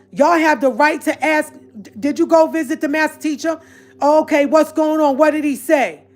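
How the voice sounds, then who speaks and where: A woman speaking straight to her online audience in a casual, confrontational rant. She is emphatic and keeps repeating her points. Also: high-pitched. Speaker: online commentator addressing viewers. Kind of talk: casual direct-to-camera rant.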